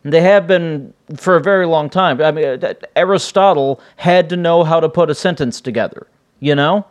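A man's voice: fairly high pitch, moderate pace. A man hosting his own podcast, talking casually on his own, rambling and often restarting his sentences. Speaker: podcast host. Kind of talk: casual solo podcast monologue.

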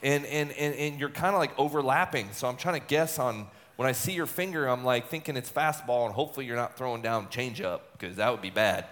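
A man's voice: medium pitch, fairly quick, few pauses. Chatty man telling stories in a reverberant hall. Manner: chatty, repeats words, lively acted-out quotes. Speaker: retired relief pitcher. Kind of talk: animated storytelling in an interview.

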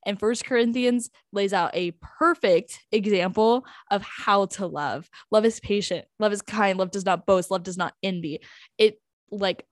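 A woman's voice: medium pitch, measured pace, no room sound, studio quality. An eighteen-year-old woman co-hosting a faith podcast, talking casually and earnestly with many "like" and "um" fillers. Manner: earnest, chatty, with frequent "like" and "um" fillers. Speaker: podcast co-host.

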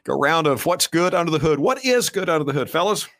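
A man's voice: a little high, animated, fast, a bit bright, no echo, clean studio sound. A man hosting a casual radio car talk show, jokey and teasing his co-hosts. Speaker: host.

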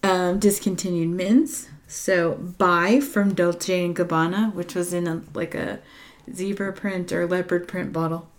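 Slow, hesitant woman reading a list. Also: on the low side, steady tone. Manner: hesitant, unsure pronunciations, trailing asides. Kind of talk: casual chat reading out a ranked list.

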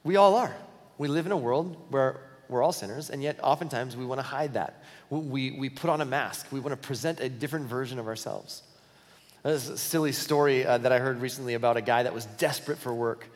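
A male pastor giving a candid, conversational sermon, slightly high in pitch for a man. He tells stories with frequent restarts. A long reverb from the sanctuary trails his words.

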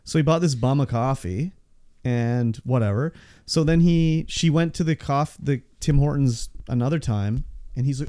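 A man's voice: mid-range voice, normal speed, warm tone. A man co-hosting a podcast, laid-back and swearing casually as he tells stories. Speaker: podcast co-host. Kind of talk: casual chat.

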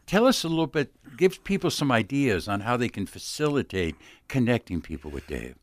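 A man's voice: mid-range voice, very animated, brisk, dry recording, clean studio sound. A man hosting a Christian radio talk show, speaking earnestly and emphatically about recovery and faith. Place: radio studio.

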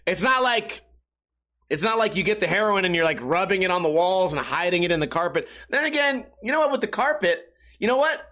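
Profane, sarcastic high-voiced man. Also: lively intonation, brisk, bright, forceful tone. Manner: self-mocking. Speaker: podcast host. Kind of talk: casual solo podcast chat.

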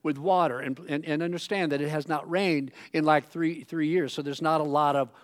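A man's voice: on the high side, fairly even intonation, normal speed. A male pastor preaching a sermon, retelling a story in a casual, joking way with many asides.

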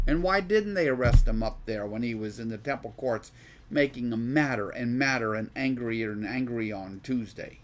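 A man's voice: mid-range voice, moderate pace, background noise. A man leading a conversational Bible study. He reads scripture aloud, then explains it loosely, asks the group questions and often restarts his sentences while thinking aloud.

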